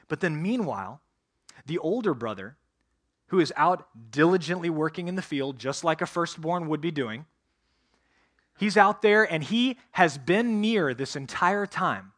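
A man's voice: a little high, expressive, moderate pace, fairly bright tone. A male pastor preaching a sermon, earnestly addressing the congregation directly.

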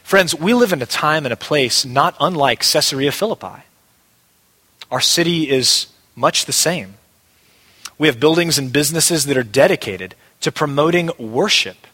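Pastor guy preaching, bright forceful voice, lots of hall echo, keeps repeating lines for emphasis. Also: on the high side, animated, moderate pace. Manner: emphatic, repeats key phrases. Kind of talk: sermon. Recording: long hall reverb.

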